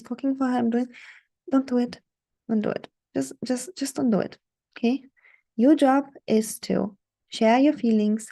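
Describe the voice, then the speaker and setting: A woman coaching her viewers on dating, speaking in a fairly high but mellow, warm voice. She gives firm, instructive advice, repeats her points and keeps checking in with "okay?". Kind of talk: coaching monologue.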